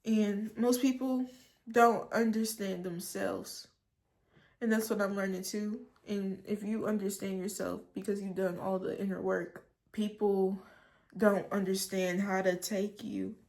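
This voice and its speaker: A woman's voice: mid-range voice, darkish tone. A young woman in her early twenties giving heartfelt, blunt life advice straight to the camera, tearful and emotional. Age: young adult. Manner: earnest, emotional, blunt with swearing. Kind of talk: heartfelt direct-to-camera talk.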